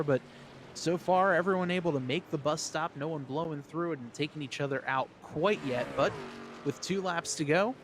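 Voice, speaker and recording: A man calls a race in quick, energetic play-by-play. His voice sits a little high. A faint noise runs under the recording. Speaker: race commentator. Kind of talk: play-by-play commentary.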